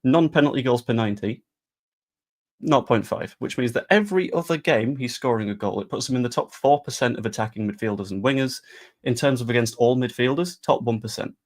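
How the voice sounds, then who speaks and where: Man, sarcastic, chatty football talk, mid pitch. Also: brisk. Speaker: football fan vlogger. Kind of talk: casual live-stream chat.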